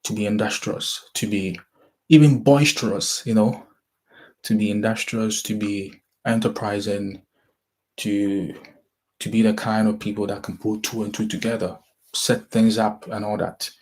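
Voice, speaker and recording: Husky young Ghanaian man, rambling. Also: lowish voice, level tone, darkish tone. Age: young adult. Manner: rambling, halting, with many restarts. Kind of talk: casual motivational talk.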